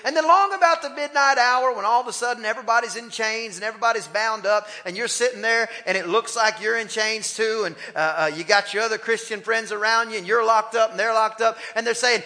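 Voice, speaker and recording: Bright, impassioned male preacher in echoing church. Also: very high-pitched, fairly quick, hardly any pauses. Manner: impassioned, calls on the congregation to respond. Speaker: pastor. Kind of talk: sermon. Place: church sanctuary. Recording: long hall reverb in a church.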